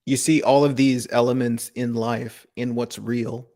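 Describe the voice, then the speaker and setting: Slow, gravelly-voiced man, calm spiritual talk. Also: medium pitch. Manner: calm, contemplative, asks rhetorical questions, laughs softly. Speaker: spiritual teacher hosting a live broadcast.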